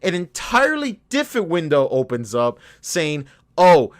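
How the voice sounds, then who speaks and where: A man's voice: mid-range voice, fairly quick. Young male podcast co-host, casual and profane, gets heated while telling stories. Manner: animated, profane, gets worked up retelling. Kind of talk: casual storytelling chat.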